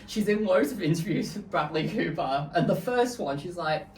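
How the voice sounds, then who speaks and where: A woman, co-hosting a casual chat podcast, animated and laughing as she tells stories. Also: lowish voice, moderate pace. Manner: giggly, animated storyteller who mimics quotes. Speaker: podcast co-host. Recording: echoey room, mic at a distance.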